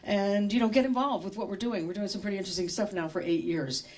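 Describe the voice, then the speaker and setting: A woman's voice: mid-range voice, fairly even intonation, fast, darkish tone. A middle-aged woman doing stand-up comedy at a live show in a store, wry and chatty, working the crowd with questions.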